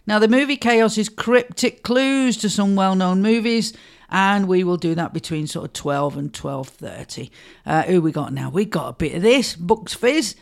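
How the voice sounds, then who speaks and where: A man's voice: high-pitched, moderate pace, vocal fry. A man with a Northern English accent, presenting a radio show in a cheerful, chatty way, with asides to listeners. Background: faint music.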